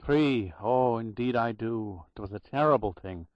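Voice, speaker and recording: A man voicing a talkative, wry elderly Irish hospital clerk with a loud brogue, on a dull, dry recording. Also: mid-range voice, measured pace, dry recording, natural voice. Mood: sardonic. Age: older. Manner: loud brogue, sardonic storytelling.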